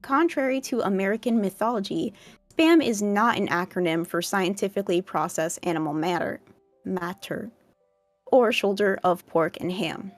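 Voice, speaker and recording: Young woman on a podcast reading out random facts, kinda wry and playful, mid-pitched, faint music under it. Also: animated, normal speed, no room sound. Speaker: co-host reading fun facts. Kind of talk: casual podcast chat.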